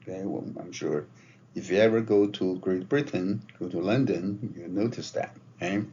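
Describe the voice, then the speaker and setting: A man's voice: low voice, normal speed, warm tone. A man giving a conversational marketing lecture, often checking in with his listeners. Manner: conversational, often tags phrases with "right?" and "okay?". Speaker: marketing professor. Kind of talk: classroom lecture. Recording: dull lo-fi lecture recording with faint noise.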